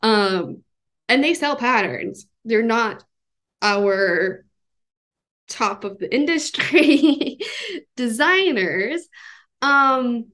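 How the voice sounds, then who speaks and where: A woman's voice: fairly high pitch, expressive, very slow, pauses often, a bit bright. A woman hosting a podcast interview, talking thoughtfully in a casual way with fillers and small laughs. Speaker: podcast host.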